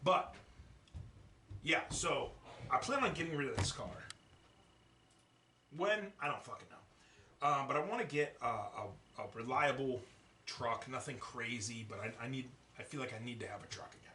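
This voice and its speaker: A man hosting a podcast, telling a story in a casual, profane, animated way. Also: mid-range voice, moderate pace, pauses often, a little hiss or hum. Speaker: podcast host. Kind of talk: casual chat. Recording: echoey room, distant mic.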